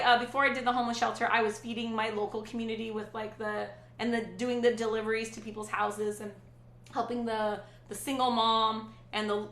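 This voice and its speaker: Bright, chatty woman streamer. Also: on the high side, reverberant. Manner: chatty and rambling, with frequent restarts and asides. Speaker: livestream host. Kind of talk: casual chat reading viewer comments.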